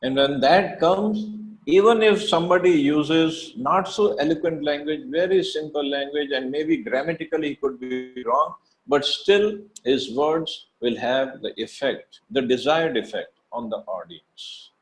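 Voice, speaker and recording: A man's voice: a little high, a little slow, rough recording. A man giving a devotional scripture lecture as a class teacher, speaking earnestly and emphatically, often restarting and repeating phrases.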